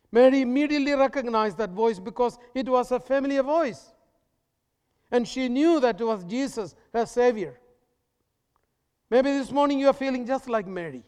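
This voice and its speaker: Pastor guy preaching, smooth resonant voice, big echoey hall. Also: very high voice, expressive, darkish tone. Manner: emphatic, repetitive preaching with dramatic pauses. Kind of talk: sermon.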